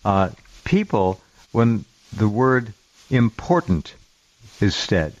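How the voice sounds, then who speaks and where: A lower-pitched man hosts a talk show and chimes in quickly, mostly agreeing with his guest. The sound is muffled and lo-fi. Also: sing-song, darkish tone.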